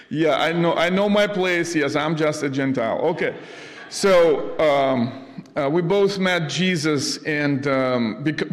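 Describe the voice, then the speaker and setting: A man in his fifties from Ukraine, speaking to an audience as a missionary, halting with many fillers and restarts, with light jokes. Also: a little high. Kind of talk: casual talk to an audience. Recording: long hall reverb.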